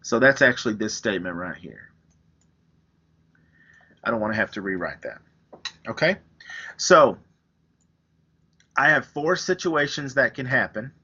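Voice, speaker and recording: A man's voice: medium pitch, expressive, unhurried, pauses often, sharp tone, breathy edge, highs cut off. A man teaching a recorded math lesson, explaining step by step with everyday examples. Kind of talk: recorded lecture, writing on screen.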